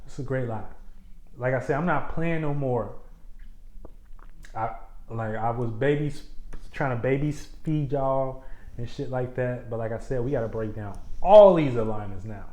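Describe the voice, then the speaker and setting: A man's voice: medium pitch, a little slow, dark tone, reverberant. A man who calls himself a spiritual coach, talking loosely on a livestream. His speech is slangy, profane and repetitive, and he is slightly tipsy. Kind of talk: casual livestream talk. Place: room, live stream.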